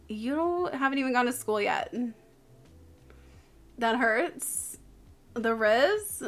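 A tired-sounding woman streamer gives live commentary while playing a game, speaking slowly with a gravelly fry. Her voice is a little high with lively intonation, and she keeps chatting directly to her characters.

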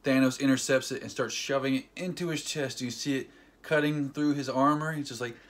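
A man vlogging a casual, excited movie recap, rambling with fillers and acting scenes out with sound effects like "boom" and "ding.". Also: a little fast. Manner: animated storyteller with sound effects; loose, rambling, filler-heavy delivery.

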